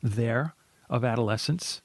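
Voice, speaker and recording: Measured man in dry movie-podcast chat. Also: mid-range voice, no echo. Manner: measured, thoughtful, trails off into restarts. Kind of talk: casual movie discussion.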